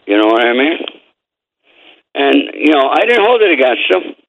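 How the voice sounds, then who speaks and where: A man's voice: mid-range voice, big pitch swings, normal speed, gravelly, pauses often, a bit bright. An older man telling blunt, streetwise stories as a guest on an interview show, swearing freely. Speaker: guest, former mob associate and author. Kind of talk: storytelling interview. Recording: phone line.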